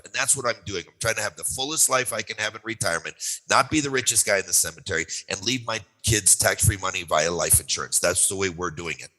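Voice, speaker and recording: A man in his sixties talks as a guest expert with a quick, bright delivery. He drives his points home with punchy repeated phrases and rhetorical questions, and his voice sounds forceful and fast. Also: fairly low pitch, breathy edge, poor audio. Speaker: retirement income author and guest. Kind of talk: animated explanation.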